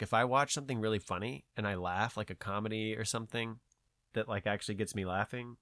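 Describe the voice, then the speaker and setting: A man's voice: on the low side, dry recording, clean studio sound. Nasal man rambling in casual chat. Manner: rambling, profane, animated storytelling. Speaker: podcast host.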